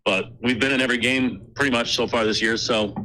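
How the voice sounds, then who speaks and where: A man with a bright, forward voice talks football in a relaxed way. He hesitates often, starting over and filling gaps with ums and uhs. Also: mid-range voice, a little fast, rough recording. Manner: hesitant, laughing, lots of fillers. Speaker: phone-in friend. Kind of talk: casual chat.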